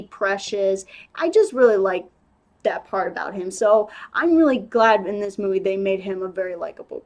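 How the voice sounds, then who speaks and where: A young woman talks through her thoughts on a movie in a relaxed, unscripted way. She sounds chatty and animated, often restarting her sentences and leaning on "like." Her voice sits a little on the high side. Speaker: movie reviewer. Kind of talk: casual spoken review.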